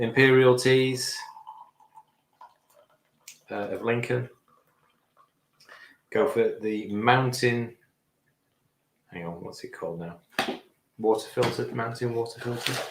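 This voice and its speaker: A man's voice: medium pitch, echoey room, background noise. Chatty man cooking live. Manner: rambling, self-correcting, chatty. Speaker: host of a cooking livestream. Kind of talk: casual live cooking chat. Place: home kitchen.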